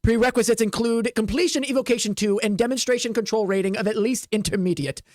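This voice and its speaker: A stern older dueling instructor, put on by a game master for a tabletop game. He talks in slow, clipped, formal phrases with a cool, superior air, at a middling pitch. The mic is close and dry, with no room in it. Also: darkish tone, no echo, close to an everyday voice. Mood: condescending.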